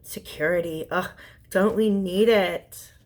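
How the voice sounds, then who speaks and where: Woman, young adult, tarot reader, gentle and soothing, halting restarts, sometimes whispery. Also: on the low side. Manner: halting restarts and repeated words. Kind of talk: intuitive tarot reading to a viewer.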